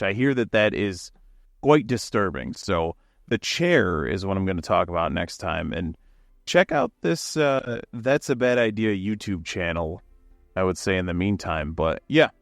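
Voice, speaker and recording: A man's voice: on the low side, dry recording, studio quality. A man co-hosting a podcast in casual chat, talking with enthusiasm, rambling a little and often laughing. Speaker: podcast co-host.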